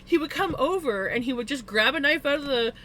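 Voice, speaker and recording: Over slight background noise, a high, lively voice comes through quick, pushed and bright. It belongs to a live streamer casually chatting with viewers, wandering through personal anecdotes heavy with "like" fillers and declaring likes and dislikes with emphasis.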